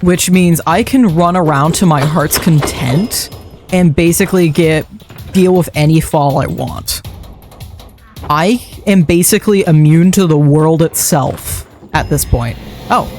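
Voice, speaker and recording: A man's voice: fairly high pitch, measured pace, darkish tone. A man livestreaming a game, chatting and muttering his thoughts aloud as he plays. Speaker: streamer. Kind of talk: live game-stream commentary. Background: faint background music.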